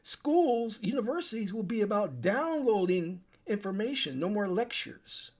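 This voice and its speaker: A man's voice: sits high, animated, unhurried. A man giving an urgent, preachy solo monologue to his desk webcam, repeating his points and restarting his sentences. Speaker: online commentator. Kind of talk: solo warning monologue to camera. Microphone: webcam setup at a desk.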